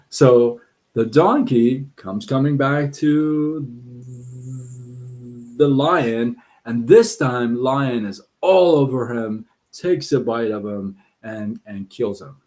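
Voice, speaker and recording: A man hosting a live stream, chatting casually with viewers and telling a story. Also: mid-range voice. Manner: relaxed, chatty, many fillers and restarts.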